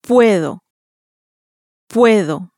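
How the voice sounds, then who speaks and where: Female model voice for a language course, very slow and careful, dry close recording. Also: mid-range voice, expressive, darkish tone, no room sound. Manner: slow, careful, each word said twice. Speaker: native-speaker model voice. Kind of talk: repeating model words for learners.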